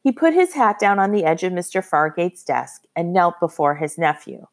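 A woman narrating a historical story in the first person, expressive and measured. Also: lowish voice. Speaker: audiobook narrator.

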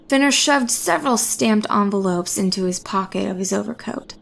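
A woman narrating a horror story in a measured, suspenseful reading. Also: mid-range voice, vocal fry, fairly bright tone.

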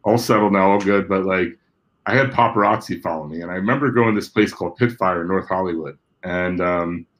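Middle-aged jersey guy telling stories on a podcast, animated, curses a lot, does the voices of people he quotes. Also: deep voice, fairly quick, rough recording. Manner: animated, acts out quoted people, swears freely. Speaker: guest. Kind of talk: casual anecdotal storytelling.

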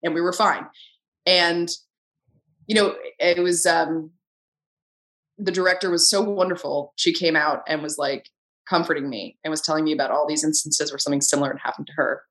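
A young adult woman, a podcast guest from film set crew, telling a story in a lively, casual way, acting out dialogue and laughing often. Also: deep voice, moderate pace. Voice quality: animated, acts out dialogue in quoted voices, laughs often.

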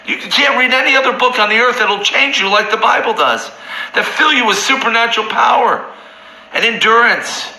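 Casting: fervent male Bible teacher, bright, rambling, echoey room, faint hiss. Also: very high voice, lively intonation, normal speed. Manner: impassioned, rambling, apologetic.

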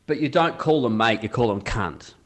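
An Australian man chatting casually with a friend, his mid-range voice swinging widely in pitch. He acts out lines of dialogue in put-on voices as he explains. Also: lively intonation, moderate pace. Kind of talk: casual chat.

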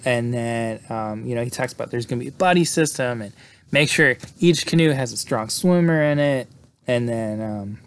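A man's voice: mid-range voice, moderate pace. A man casually recapping a horror movie's plot, rambling with lots of fillers and acting out the characters' lines. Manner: rambling, many fillers, acts out quotes. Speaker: movie reviewer.

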